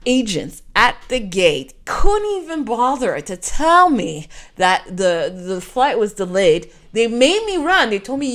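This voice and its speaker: A woman's voice: medium pitch, very animated, moderate pace, hardly any pauses, fairly bright tone. A Canadian woman in her forties telling a personal travel story to camera in an emotional, repetitive, heartfelt way. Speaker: vlogger. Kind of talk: storytime monologue.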